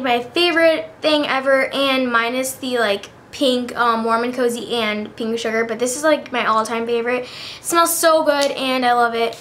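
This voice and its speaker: A woman's voice: sits high, a bit bright, slight background noise. A teenage girl chatting in a bubbly way about her favorite beauty products, full of fillers. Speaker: beauty vlogger. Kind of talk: casual chat.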